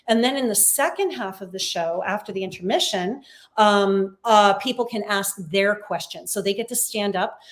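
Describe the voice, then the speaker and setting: A Canadian psychic medium chats over a video call interview, telling stories in a warm, casual way full of fillers. Her voice is medium in pitch and her pace is moderate.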